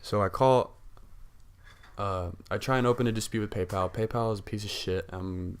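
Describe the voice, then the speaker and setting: A young man with a lowish voice tells a story on a casual podcast, worked up and swearing freely. He acts out the other people's lines as he goes. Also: normal speed, clear, resonant tone. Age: young adult. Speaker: podcast co-host. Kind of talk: casual chat.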